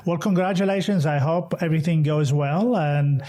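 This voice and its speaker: Hesitant male podcast host, mellow voice. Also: on the high side, moderate pace. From Arabic-speaking country. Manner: hesitant, repeats words, restarts. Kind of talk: conversational interview.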